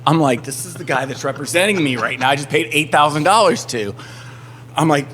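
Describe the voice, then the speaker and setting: A man's voice: a little high, brisk, slight background noise. A man in a casual podcast chat, telling a story and acting out the other people in it. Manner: animated storyteller, acts out other people's lines. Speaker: touring band musician, guest.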